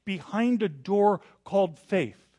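A man preaching a sermon, telling the story with dramatic rises, then turning quiet and confessional. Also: high voice, lively intonation, slow pace, noisy background. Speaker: pastor.

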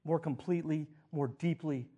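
A man preaching a sermon as a pastor, swinging from loud declarations to hushed words and repeating phrases for emphasis. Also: fairly high pitch, steady tone, moderate pace, lo-fi sound.

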